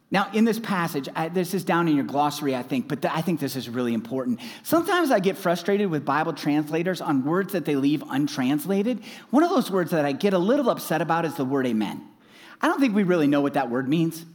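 A man delivers a sermon from the pulpit. His voice sits high and moves through a wide, lively range. He sinks into quiet, low stretches and then bursts into loud, emphatic exclamations. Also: fairly quick, long reverb tail. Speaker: pastor.

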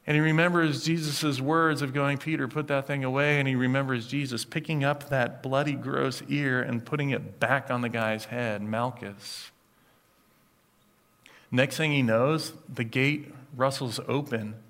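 A man preaching a sermon, retelling a scene in an animated storytelling manner. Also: mid-range voice, a little slow. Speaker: pastor.

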